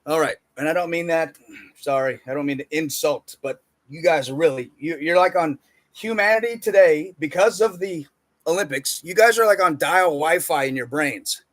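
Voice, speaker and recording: A man with a high-pitched voice gives an unscripted, preachy motivational rant. He talks with a lot of profanity, jumping from loud, emphatic bursts to muttered asides. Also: normal speed. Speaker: self-help speaker.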